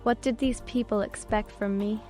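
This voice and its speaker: Female audiobook narrator, even first-person storytelling, flat and steady. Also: mid-range voice, moderate pace. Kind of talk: scripted narration. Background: soft background music.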